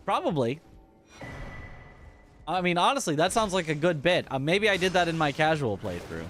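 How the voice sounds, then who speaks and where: A man's voice: a little high, very animated, moderate pace, a bit bright, soft background music. A young man streaming a game, chatting casually with his chat, laughing often and musing aloud about how words are pronounced. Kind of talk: casual livestream chat while gaming.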